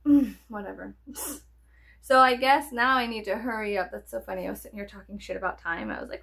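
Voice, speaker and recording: A woman's voice: mid-range voice, a little fast, gravelly, fairly bright tone. A young woman vlogger chatting casually to her viewers, playful and swearing often, dropping to near whispers and jumping to sudden squeals. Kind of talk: rambling casual chat to camera.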